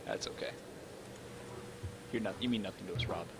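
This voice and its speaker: A man's voice: low-pitched, moderate pace, a little hiss or hum. A man hosting a casual webcast over a voice call. He jokes around and moves the discussion along. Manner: relaxed, joking, leads the discussion. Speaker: webcast host.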